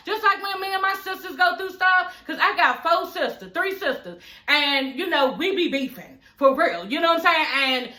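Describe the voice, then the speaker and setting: A woman in her forties giving blunt, profane, animated commentary in a casual vlog, often laughing as she talks. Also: sits high. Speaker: reality TV reviewer. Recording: roomy echo.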